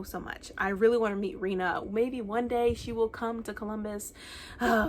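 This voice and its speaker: A young woman from the United States gushes about her favorite reads in a casual home video. Her voice sits at an ordinary middle pitch, and a faint hiss of background noise stays under it. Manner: gushing and enthusiastic, with many restarts. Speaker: book reviewer. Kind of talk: casual book wrap-up chat.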